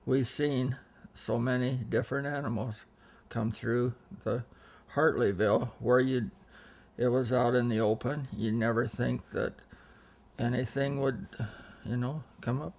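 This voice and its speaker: A man's voice: mid-range voice, creaky, a little mellow. An older man telling rambling family anecdotes in a casual interview, often restarting his sentences and quoting what others said. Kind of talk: casual storytelling.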